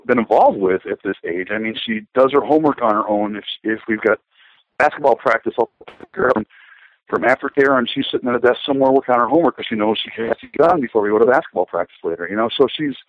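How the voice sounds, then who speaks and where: A man's voice: mid-range voice, no room sound. Rambling middle-aged man, dull lo-fi sound. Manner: rambling, hesitant with many fillers and restarts. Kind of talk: casual conversation.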